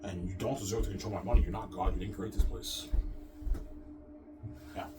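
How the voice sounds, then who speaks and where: A man's voice: sits low, fairly even intonation, fairly quick. A man delivering a boastful, rambling monologue with stammering restarts. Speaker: vlogger. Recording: distant mic with clear background music.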